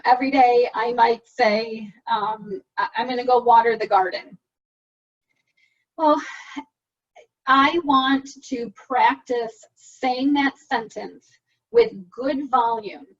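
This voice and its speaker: A high, somewhat breathy-voiced woman works patiently through speech exercises as a speech therapist, one step at a time. She comes over a dull, lo-fi video call and sits a little back from her microphone. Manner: patient, step-by-step explaining with spoken demonstrations. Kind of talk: online support group presentation. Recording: dull lo-fi call audio, from a distance.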